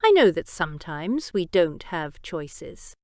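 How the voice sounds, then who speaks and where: A woman performs a cold young vigilante out for revenge in a storybook. He lays out his threats slowly and deliberately. The voice is clear and dry, and the pitch moves widely. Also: sing-song, darkish tone, no room sound. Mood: menacing.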